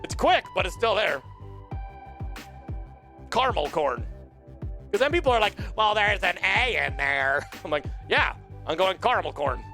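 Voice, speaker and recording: A man voicing an excitable male puppet who hosts a live morning talk show, playful and giggly, chatting casually. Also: high-pitched, unhurried, creaky, long pauses, faint music behind, heavily acted. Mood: silly. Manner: playful, giggly, wordplay-loving. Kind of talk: casual live-stream chat.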